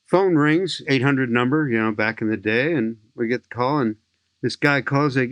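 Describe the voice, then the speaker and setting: A man in his sixties from St. Louis, a skydiving instructor telling lively, enthusiastic stories as a podcast guest. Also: medium pitch, moderate pace, no room sound, highs cut off. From St. Louis, USA. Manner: enthusiastic, lively anecdotal storyteller. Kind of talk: animated storytelling in an interview.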